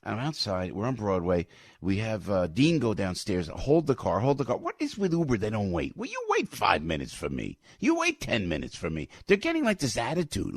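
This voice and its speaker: A man hosting a radio show, telling a story with excitable, stammering restarts and acting out the other people in it. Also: a little high, slightly rough, dry recording, studio quality. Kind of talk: animated storytelling chat.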